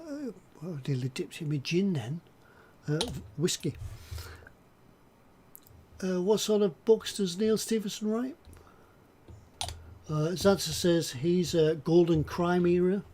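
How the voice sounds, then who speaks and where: An older man with a high, warm voice hosts a live stream, chatting casually as he reads out viewer comments. He's rambling and hesitant, with lots of ums and restarts.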